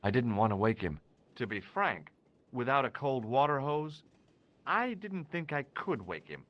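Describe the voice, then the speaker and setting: A dry, cool-headed investigator in a video game. He speaks with sardonic wit, and his pitch moves in lively rises and falls. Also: unhurried, highs cut off.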